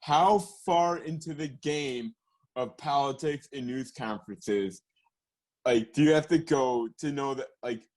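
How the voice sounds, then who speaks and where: A man's voice: mid-range voice, measured pace, darkish tone. A young man co-hosting a podcast in casual chat, rambling and profane, laughing often. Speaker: podcast co-host.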